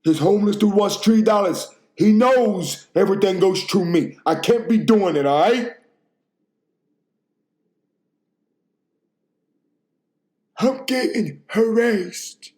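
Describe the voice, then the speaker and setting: A man voicing a brash, loud wiseguy who complains about being harassed on the street. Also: sits high, a little slow, few pauses, roomy sound, pitched above the performer's own voice. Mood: indignant. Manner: boastful, shouty, indignant.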